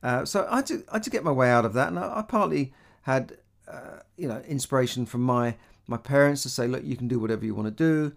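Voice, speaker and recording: A man's voice: medium pitch, lively intonation, fast talker, creaky. Middle-aged Cockney man giving money advice. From London, England. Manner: rambling, conversational, many fillers and restarts. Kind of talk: casual monologue.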